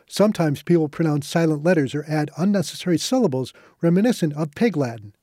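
A man narrates a scripted nonfiction piece in a steady, measured voice. His tone is mellow and slightly higher than usual for a man. The recording is close and dry. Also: dry recording.

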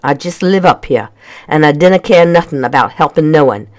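A storybook reader voicing a small, grumpy bearded hermit with a Scottish accent and a deep, grumbling voice. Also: animated, brisk, close to an everyday voice. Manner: gruff, curt, unwelcoming. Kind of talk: storybook reading.

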